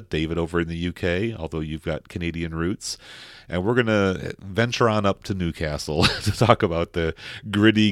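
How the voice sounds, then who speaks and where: Deep guy hosting a film podcast, rambly with lots of uhs, dry close mic. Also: no echo. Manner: relaxed, rambling with many fillers. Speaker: podcast host. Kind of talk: casual film discussion.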